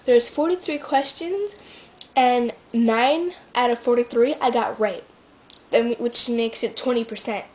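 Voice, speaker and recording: A woman's voice: fairly high pitch, unhurried, darkish tone, low-quality recording. Rambling teenage girl, fillers and restarts. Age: teens. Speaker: vlogger. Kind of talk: casual rambling vlog.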